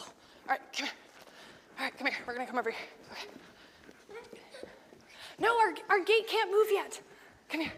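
High-voiced woman teaching kids. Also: big-room sound, slight background noise. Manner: playful, animated, laughing often. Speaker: Bible class teacher. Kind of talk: acting out a Bible story with children.

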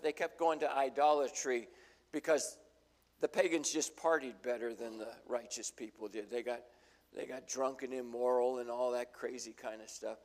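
An older man preaching a sermon in a folksy, storytelling way, acting out the voices in his stories. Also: medium pitch. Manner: folksy storytelling, acts out quotes. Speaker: pastor.

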